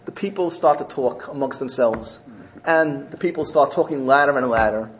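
A man's voice: on the high side, brisk, poor audio. A man teaching a Torah class, telling stories earnestly and with animation. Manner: earnest, animated storyteller mixing Hebrew terms. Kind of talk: storytelling Torah lesson.

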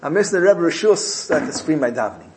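A man's voice: fairly high pitch, big pitch swings, quick pace, noisy background. A man voicing an earnest, emotional Hasidic worshipper in a told story, pleading and eager. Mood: insistent.

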